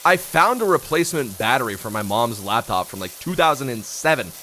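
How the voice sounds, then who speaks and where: A man's voice: mid-range voice, a little fast, slight background noise. A young man streaming live, telling stories in a casual, profane, ranting way. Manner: profane, ranting, animated storytelling.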